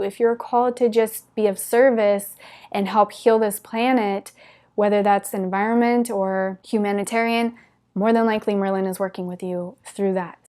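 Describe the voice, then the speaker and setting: A woman's voice: mid-range voice, dark tone. A woman giving a spiritual talk to her viewers, telling it in an earnest, gushing way with many "like" fillers. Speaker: spiritual teacher.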